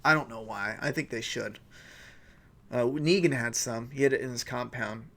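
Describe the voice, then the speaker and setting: A man's voice: medium pitch, normal speed, fairly bright tone. A man hosting a live weekly review stream, chatting casually and reading viewer comments aloud in a rambling, self-correcting way. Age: adult father of a school-age child.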